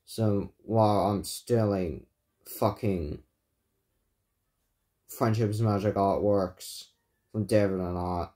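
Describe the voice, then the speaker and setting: A man ranting angrily in a vlog, swearing often and repeating himself in halting bursts. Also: lowish voice, steady tone, warm tone. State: angry. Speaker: YouTuber. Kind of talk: angry vlog rant.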